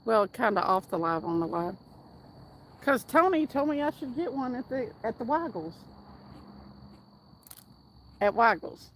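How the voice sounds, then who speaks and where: A woman's voice: on the high side, animated, measured pace, pauses often, a bit bright, slight background noise. A woman hosting a casual livestream outdoors by the water, reading viewer comments aloud in an upbeat, chatty way and whooping now and then. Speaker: livestream host. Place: outdoors by the water while fishing.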